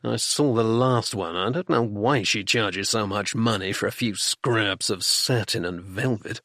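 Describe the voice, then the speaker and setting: A man voicing a blustering, jocular middle-aged aristocratic duke in an audiobook, gruff and clipped. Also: on the low side, measured pace, pushed and bright, no room sound, studio quality.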